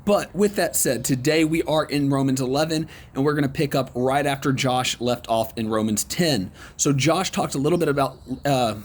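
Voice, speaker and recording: A man leads an online Bible study lesson, conversational and encouraging, with frequent ums and pauses. His voice sits at a medium pitch.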